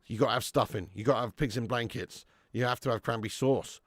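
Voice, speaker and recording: A man's voice: medium pitch, fairly even intonation, fast, no room sound, clean studio sound. A man hosting a live football watch-along, reading the chat and chatting with viewers in a casual, sweary way, calling everyone mate and laughing often.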